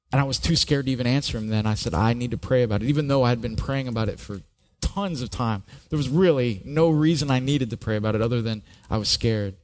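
A middle-aged man, a pastor, telling his own story in a sermon, earnest and often repeating a word as he starts a thought. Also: medium pitch. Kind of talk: sermon with personal testimony.

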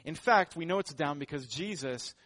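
A man's voice: a little high, animated, a little fast, fairly bright tone. Joking man giving a sermon. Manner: joking, conversational preaching. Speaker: pastor.

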